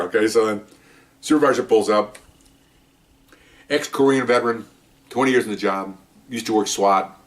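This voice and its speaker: A man in his sixties, a retired police officer telling an animated story, acting out sounds and voices and tossing in "okay" and "you know.". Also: lowish voice, moderate pace, pauses often. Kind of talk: casual storytelling. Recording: voice a bit far from the mic.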